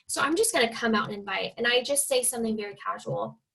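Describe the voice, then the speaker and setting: A young woman from Oregon talks casually on a team video call, her fairly high voice carrying a gravelly, creaky edge. She is chatty and leans on fillers, and she keeps slipping into little impressions of the people she quotes. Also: fast talker, a bit bright, low-quality recording. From Oregon, USA. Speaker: guest speaker, fitness coach.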